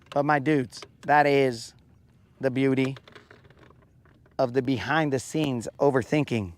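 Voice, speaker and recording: A man's voice: mid-range voice, steady tone, takes it slowly, long pauses. A man hosting a live fishing stream from a boat on a lake, chatting casually with his viewers in a rambling, jokey, self-mocking way. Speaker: fishing livestream host.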